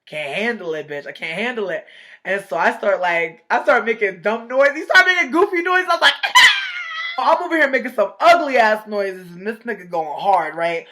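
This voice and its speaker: Woman vlogger spilling a story, bright edgy voice, swears a lot, does the voices. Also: on the high side, brisk, hardly any pauses. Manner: animated, profane, drops into quoted voices. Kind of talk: casual storytime.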